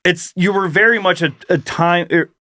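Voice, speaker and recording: A man's voice: sits high, fairly even intonation, moderate pace, sharp tone, no echo. Rambling, swearing male podcast co-host. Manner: rambling, swears freely, reads listener emails aloud. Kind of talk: casual chat.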